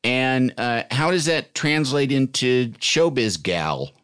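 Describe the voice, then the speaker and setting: A host in a casual interview, curious and prompting the guest with short questions and steady backchannels. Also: mid-range voice, slow, clean tone.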